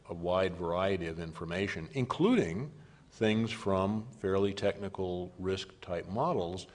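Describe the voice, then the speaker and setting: Deep-voiced middle-aged man on a panel. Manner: measured, repeats words while gathering thoughts. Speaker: panelist on risk management. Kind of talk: panel discussion answer.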